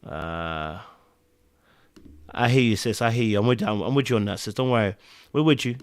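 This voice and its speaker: A man hosting a casual TV recap, animated and repeating phrases for emphasis. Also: lowish voice, normal speed, long pauses, smooth, no room sound, clean studio sound. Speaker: TV recap podcast host.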